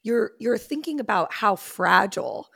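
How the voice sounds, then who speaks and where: A woman's voice: medium pitch, expressive, measured pace, gravelly, a bit bright, slightly rough. A woman therapist as a podcast guest, explaining reassuringly with frequent "like" fillers. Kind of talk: casual podcast conversation.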